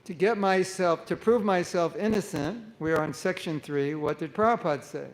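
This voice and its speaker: A man's voice: a little high, moderate pace, low-quality recording. A man giving a conversational sermon to a live group, asking the audience questions and acting out the voices he quotes. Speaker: monk giving a spiritual talk.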